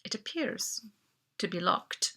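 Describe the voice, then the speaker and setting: A woman voicing a polite, formal boy who speaks in a measured, quiet way. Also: mid-range voice, very animated, heavily acted. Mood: calm.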